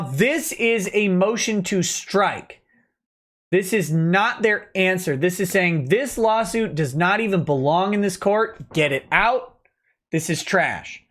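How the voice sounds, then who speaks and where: High-pitched and somewhat bright, this man in his thirties runs a relaxed livestream. He alternates between working through a legal document and reading out chat comments, reacting to each.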